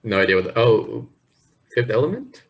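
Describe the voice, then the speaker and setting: A man co-hosting a podcast, telling rambling stories in a casual, animated way. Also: medium pitch, moderate pace, vocal fry, muffled recording. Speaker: podcast co-host. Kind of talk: casual chat.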